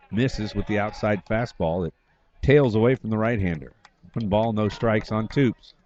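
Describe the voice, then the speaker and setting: A man doing brisk, wry radio play-by-play of a baseball game from a booth at the field, correcting himself as he goes. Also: fairly low pitch. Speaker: play-by-play announcer. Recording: slightly dull lo-fi broadcast audio.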